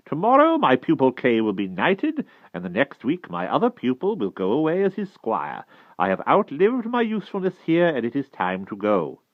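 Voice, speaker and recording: A man voicing a wise old magician who speaks in a measured, kindly way. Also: medium pitch, huge pitch swings, no room sound, narrow, tinny audio, voice pushed up. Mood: gentle. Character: wise old male magician, gentle and calm.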